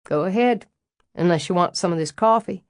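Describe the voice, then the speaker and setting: A woman's voice: lowish voice, moderate pace, no room sound, studio quality, close to an everyday voice. A woman voicing Roz, a frank, wry and elegant older estate owner with a Southern accent, in an audiobook reading. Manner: blunt and dryly amused.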